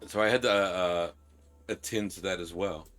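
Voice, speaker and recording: A young man with a somewhat low voice hosts a live game stream. He tells loose, rambling stories and swears freely, with faint music in the background. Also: steady tone, normal speed, fairly bright tone. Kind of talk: live game commentary and reading dialogue aloud.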